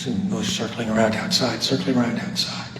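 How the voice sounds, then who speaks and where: An older man, a former civil rights volunteer, telling his story at a post-screening discussion, reflective and halting, with many restarts. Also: lowish voice, steady tone, a crowd in the background. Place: large hall. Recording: echoey hall, faint noise.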